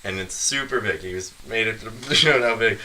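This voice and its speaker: A man's voice: fairly low pitch, normal speed, sharp tone, slight background noise. A young man casually telling a funny story, laughing often as he goes. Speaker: podcast guest storyteller. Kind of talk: casual chat.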